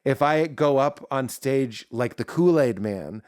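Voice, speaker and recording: Man, comedian guest, animated podcast chat, acts out his jokes, mid-pitched, dry close sound. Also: a little slow, smooth, no room sound. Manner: animated, acts out bits in character voices.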